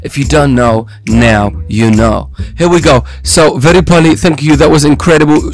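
A man hosting a daily podcast from a studio, talking in an energetic, playful, hype-style way. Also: medium pitch, moderate pace, few pauses, faint music behind. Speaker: podcast host. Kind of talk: casual podcast chat. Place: studio with cameras.

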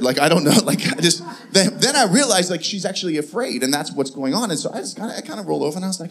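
A male pastor preaching a sermon, telling stories with lively acted-out voices and frequent laughs. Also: high voice, racing. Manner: animated storytelling, acts out voices, laughs often.

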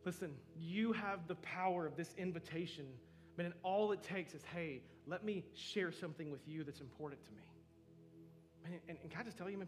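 A man in his thirties preaching a sermon as pastor, earnest and storytelling, often saying "man". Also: a little high.

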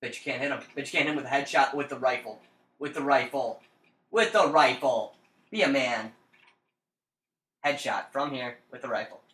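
Here the same kind of speaker, a young man co-hosting a laid-back gaming podcast, keeps daring and teasing his buddy with plenty of profanity. He talks fairly quickly in a steady, medium-pitched, slightly bright voice, and the room echoes noticeably.

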